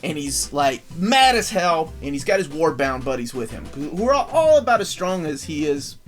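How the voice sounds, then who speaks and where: A man with a fairly high voice co-hosts a casual comic-book podcast. He tells the story in an animated way and swears freely. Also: moderate pace, faint music behind. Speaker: podcast co-host.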